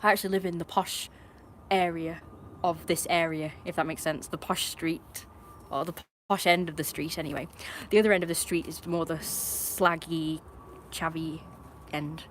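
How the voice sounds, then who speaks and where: A woman's voice: low-pitched, fairly even intonation, normal speed, a little hiss or hum. Chatty northern English woman streaming. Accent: northern English, put-on posh. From northern England. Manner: chatty, rambling, self-mocking. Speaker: live streamer. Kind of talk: casual live stream chat.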